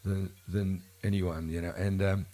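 This live event recording captures a musician being interviewed before a bookshop audience. He speaks low-pitched and dark, at a measured pace with little pitch movement, casually telling rambling stories, often correcting himself and laughing.

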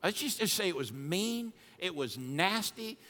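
Fired-up pastor in a big hall. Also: male voice, sits high, lively intonation, a little slow, slight background noise. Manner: fired-up, swings from soft to shouting. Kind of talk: sermon. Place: church sanctuary. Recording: long hall reverb.

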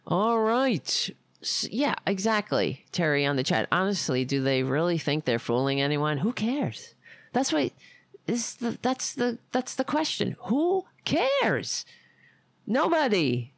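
A woman's voice: medium pitch, sing-song, slow pace, no room sound. A woman hosting a casual political commentary stream, indignant and profane, rambling with frequent restarts. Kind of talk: casual political rant livestream.

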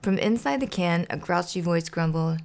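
Low, gravelly-voiced woman podcaster. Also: normal speed. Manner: laughs often, chatty, relaxed. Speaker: podcast host. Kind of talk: casual chat and storybook reading.

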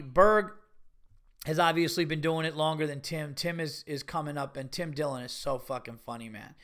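A man hosting a podcast, telling a rambling, profane story about his week as a comedian. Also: a little high. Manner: rambling, profane, animated retelling with quoted voices. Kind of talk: casual storytelling monologue.

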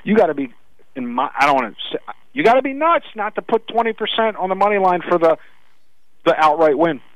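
A man co-hosting a sports radio show, pushing his betting picks in quick, insistent bursts. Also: high-pitched, big pitch swings, dry recording, dull audio. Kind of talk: casual sports betting talk.

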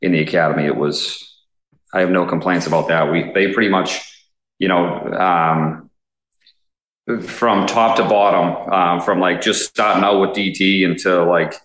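A man's voice: deep voice, steady tone, normal speed, a bit bright, roomy sound, low-quality recording. A man, a police officer in his thirties, telling stories in a casual interview, rambling with lots of fillers and swearing. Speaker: police officer, SWAT guest.

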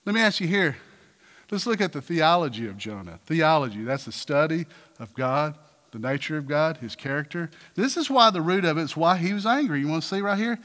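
A man preaching a sermon in a church, animated, firing rhetorical questions and acting out quotes. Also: on the high side, brisk, big-room sound. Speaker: pastor.

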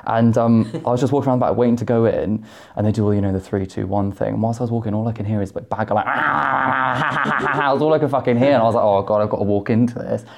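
A man's voice: lowish voice, steady tone, very fast, hardly any pauses, warm tone. A young man from Wiltshire, a drag performer guesting on a podcast, telling rambling stories with frequent laughs and casual swearing. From Wiltshire, England.

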